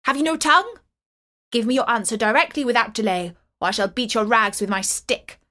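A woman's voice: mid-range voice, expressive, moderate pace, a bit bright. A woman voicing a proud, bullying male royal steward with harsh, demanding speech. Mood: scornful.

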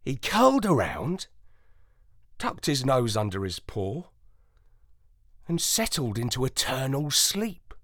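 A storyteller reading a playful storybook in the first person, in an expressive, unhurried manner. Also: medium pitch, dry recording, studio quality. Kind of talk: storybook narration.

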